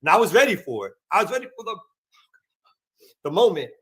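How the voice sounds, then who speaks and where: Man with a slightly higher voice, relaxed. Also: fairly quick. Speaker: co-host. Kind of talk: casual chat.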